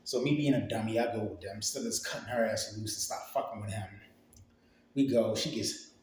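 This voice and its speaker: A man's voice: on the low side, brisk, darkish tone. A young man casually telling a storytime tale in loose, profane slang, acting out the people he quotes. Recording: very echoey room, faint ambience.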